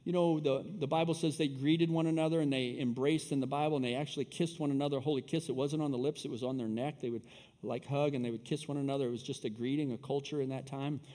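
A man preaching a sermon, telling stories in an easygoing way and building up to loud, fervent preaching. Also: mid-range voice, steady tone, fast. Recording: long hall reverb.

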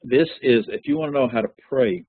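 A man leading a Bible study class, teaching in a relaxed, conversational way with many fillers and questions to the group. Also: mid-range voice, fairly quick, slightly rough, no room sound, narrow, tinny audio. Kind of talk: interactive Bible lesson.

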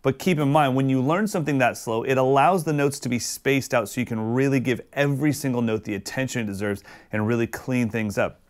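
A man's voice: medium pitch, a little fast, hardly any pauses. A man giving a casual, friendly drum lesson who sings out drum patterns with his voice. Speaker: drum teacher. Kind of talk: casual instructional talk.

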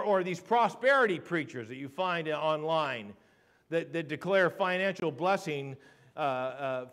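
Rhetorical questions and repetition drive this sermon, delivered in a church sanctuary by a man with a fairly high pitch. His volume rises and falls between hushed and loud.

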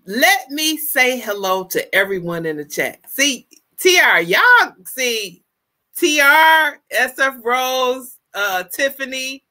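A woman in her fifties hosting a casual live stream, greeting viewers with exuberant shouts and drawn-out, playful calls. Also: high-pitched. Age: 50s. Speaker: livestream host.

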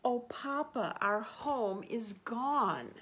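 A woman voicing a group of small young possum children in a storybook, with high, pleading little voices. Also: expressive, very slow, fairly bright tone, exaggerated voice. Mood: distressed.

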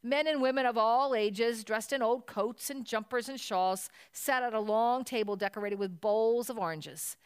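A woman's voice: fairly high pitch, moderate pace, hardly any pauses, clear, resonant tone, no room sound. A woman reading a children's Christmas story aloud at a church service, telling it expressively.

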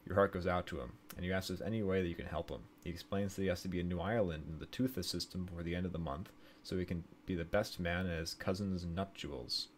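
A man's voice: low voice, fast talker, slight background noise. A man streaming a game, reading its story text aloud, stumbling over words and correcting himself with casual asides.

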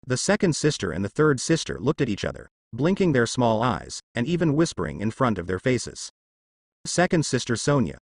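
A man narrating translated web fiction in a steady reading voice. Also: mid-range voice, normal speed, vocal fry, dry recording, clean studio sound.

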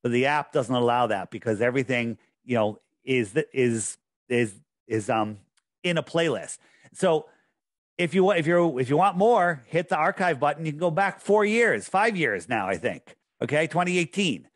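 A man's voice: mid-range voice, animated, normal speed, dry recording, clean studio sound. A man speaking as a podcast guest in casual chat, insistent and emphatic, often repeating himself.

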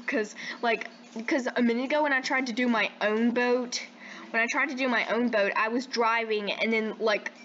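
Young woman, high unhurried voice, excitable gaming commentary, slightly dull home recording. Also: a little hiss or hum. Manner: excitable, squealing when panicked, many "like" fillers. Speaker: gaming channel host. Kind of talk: casual gameplay commentary.

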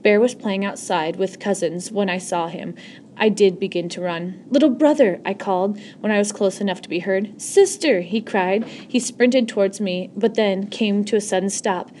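Brief: woman, middle pitch, earnest novel reading, frequent slips and restarts. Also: steady tone, normal speed, a little mellow, slight background noise. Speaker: audiobook reader.

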